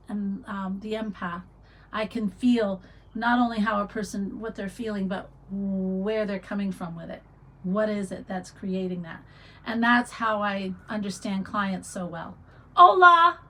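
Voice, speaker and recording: A middle-aged woman hosting a casual livestream, chatting and reading viewer comments aloud with warm encouragement. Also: mid-range voice, fairly even intonation, unhurried, rough recording. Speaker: livestream host.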